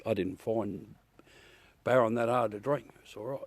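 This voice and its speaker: A man's voice: medium pitch, a little slow, darkish tone, no room sound. Easygoing Australian man chatting live. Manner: rambling, easygoing, laughs at his own jokes. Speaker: livestream host chatting with viewers. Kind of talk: casual live chat. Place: at home beside a telescope.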